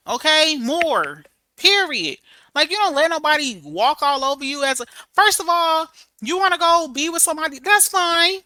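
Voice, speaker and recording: A young woman hosting a casual livestream, sassy and emphatic, chatting with viewers and softly reading out their comments. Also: fairly high pitch, no echo. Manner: drops to a soft murmur reading viewer comments. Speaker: livestream host reading chat.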